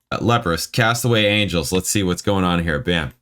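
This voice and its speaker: A man's voice: low voice, expressive, moderate pace, fairly bright tone. A man hosting a music reaction, talking casually and bluntly and reading text aloud between comments.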